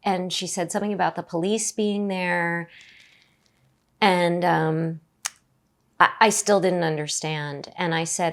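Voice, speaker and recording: Middle-aged woman, podcast guest, low-ish voice, halting with fillers and restarts. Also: steady tone. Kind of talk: personal storytelling in an interview.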